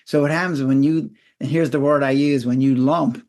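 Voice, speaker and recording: A man in his sixties, a physician guest in an interview, explaining in a lively way and acting out little scenes in a raised voice. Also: mid-range voice, moderate pace. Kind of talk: conversational interview.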